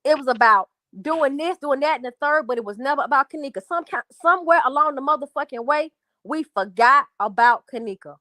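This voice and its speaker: High-voiced woman ranting, dry sound. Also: lively intonation, fairly quick, sharp tone, no room sound. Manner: angry, profane, repetitive, addresses chat as y'all. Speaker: livestream host. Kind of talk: heated livestream rant to viewers.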